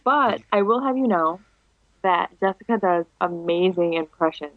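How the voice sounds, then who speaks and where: A woman's voice: lowish voice, moderate pace, no room sound. Giggly young woman telling stories. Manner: giggly, animated storyteller, laughs often. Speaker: podcast guest, wrestler. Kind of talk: casual podcast chat. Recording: dull lo-fi dry sound.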